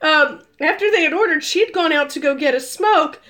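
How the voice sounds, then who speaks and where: A woman in her forties telling a story on a live video, animated and laughing, with loud exclamations. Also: high voice, normal speed. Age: 40s. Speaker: vlogger.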